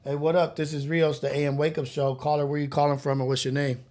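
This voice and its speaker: A man's voice: a little high, level tone, fast talker, a crowd in the background. A man hosting a live morning show, talking in a loose, profane, casual way and laughing often. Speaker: host. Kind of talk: casual live-stream chat.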